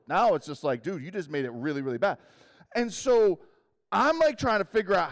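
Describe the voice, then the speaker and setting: A man giving a comedic youth sermon, teasing the crowd with quick questions and telling a rambling story full of fillers. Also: high-pitched. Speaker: youth speaker. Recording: long hall reverb.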